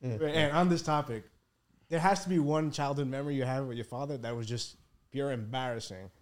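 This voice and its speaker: A man's voice: mid-range voice, fairly quick. A man co-hosting a podcast, asking a guest questions casually. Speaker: podcast co-host. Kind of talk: casual interview.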